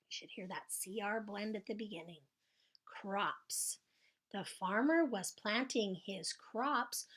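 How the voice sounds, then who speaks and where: Woman, primary teacher, encouraging, stretches each sound, animated intonation. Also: mid-range voice, slightly rough. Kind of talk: slow spelling dictation for young children.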